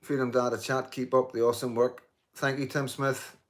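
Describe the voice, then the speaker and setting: A man's voice: medium pitch, flat delivery, moderate pace. A man in his fifties hosting a casual live stream, reading viewer comments, talking emphatically with lots of repeats and restarts, swearing and joking with commenters. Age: 50s. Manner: emphatic, repeats himself, many restarts and "you know".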